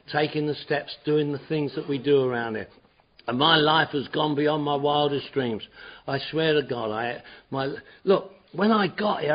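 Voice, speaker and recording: A middle-aged man giving an animated personal talk at a recovery meeting, acting out his old self in his stories. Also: on the high side, husky. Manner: animated storytelling, acts out his own past shouting. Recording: dull lo-fi recording.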